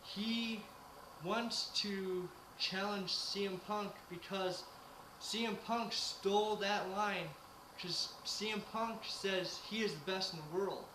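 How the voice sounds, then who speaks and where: A man's voice: sits high, fairly even intonation, slow pace, few pauses, noisy background. Hesitant man in an echoey room. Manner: hesitant, lots of uh fillers. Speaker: co-host. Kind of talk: casual wrestling prediction chat.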